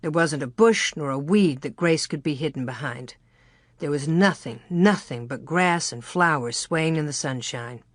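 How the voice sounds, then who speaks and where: A woman narrates an audiobook in a measured, expressive manner, reading from a script. Her voice is deep, and the recording is clean studio sound with no room ambience.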